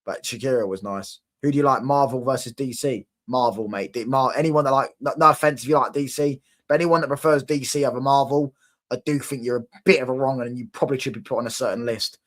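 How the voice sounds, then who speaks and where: A young man hosting a casual livestream reacts to viewer comments, talking fast in a steady, mid-range voice that's a bit bright. He rambles in slang, repeats himself, and laughs often.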